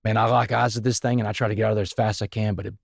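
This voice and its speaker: Low-voiced man telling a dramatic story. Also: little pitch movement, racing, creaky, dry recording, clean studio sound. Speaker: podcast guest. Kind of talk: telling his life story in conversation.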